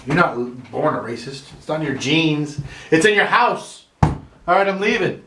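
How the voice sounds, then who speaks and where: A man doing a loose, self-deprecating comedy monologue from his room. His voice sits a little high and he swears freely as he rambles. The room adds a noticeable echo. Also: normal speed, fairly bright tone, slight background noise. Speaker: stand-up comedian. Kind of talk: casual comedy monologue to camera. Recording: roomy home room echo.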